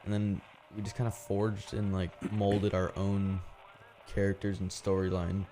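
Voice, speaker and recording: A man from a haunt cast looks back on old times in easy chat, with plenty of filler likes. His voice is low, flat and mellow. A faint noise sits behind him. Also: unhurried. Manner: reminiscing, many filler likes. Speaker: haunt attraction actor. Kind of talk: casual chat.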